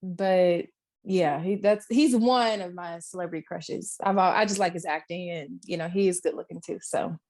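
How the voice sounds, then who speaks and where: A woman from East Texas, a business-owner guest, chatting in a friendly, halting way with frequent laughs. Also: lowish voice, fairly even intonation, darkish tone. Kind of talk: casual interview chat.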